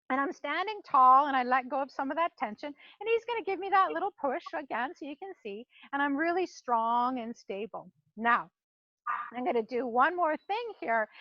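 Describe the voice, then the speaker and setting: High, lively woman giving a training demo. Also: no room sound, muffled recording. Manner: animated, laughs often, acts out animals' voices. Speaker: volunteer trainer. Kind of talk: instructional demonstration. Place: farm sanctuary.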